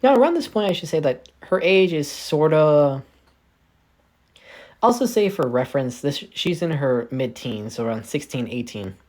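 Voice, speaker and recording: A man's voice: a little high, lively intonation, moderate pace, darkish tone. A man narrating his own fan story casually, rambling and correcting himself often. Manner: rambling, self-correcting, many fillers. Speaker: fanfic storyteller.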